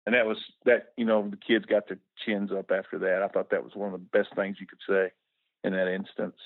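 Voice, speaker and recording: A man's voice: sits low, level tone, brisk, no echo. A middle-aged man, a former coach talking casually in a radio interview, folksy and repeating words when moved. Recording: tinny phone line on radio.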